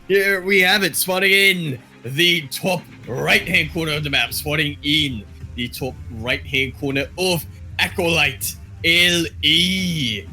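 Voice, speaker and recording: A man voicing a brash male announcer with a put-on Australian accent, giving a loud, hyped player introduction. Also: fairly high pitch, slow, faint music behind, exaggerated voice.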